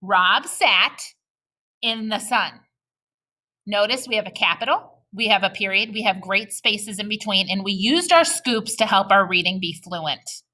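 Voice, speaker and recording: Patient and encouraging, a woman teacher records a reading lesson for young children and slows way down to demonstrate sentences. Her voice is mid-range and animated with a sharp tone.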